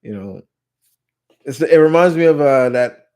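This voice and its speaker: A man's voice: medium pitch, animated, measured pace, darkish tone, clear, resonant tone. A man from New York with a New York accent, hosting a casual live Q&A stream, rambling through restarts and fillers, blunt and jokey with casual swearing. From New York, USA.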